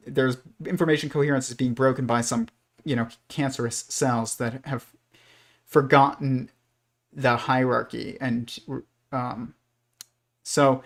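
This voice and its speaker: A man hosting a livestream, talking through ideas in a rambling, hesitant way with many fillers and restarts. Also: medium pitch. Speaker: livestream host. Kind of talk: casual livestream commentary.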